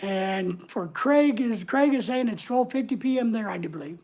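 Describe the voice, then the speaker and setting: A woman hosts a casual livestream in a fairly high voice. She chats easily with her viewers, reading their comments aloud and answering them as she goes. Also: lively intonation, moderate pace, a little mellow. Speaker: livestream host.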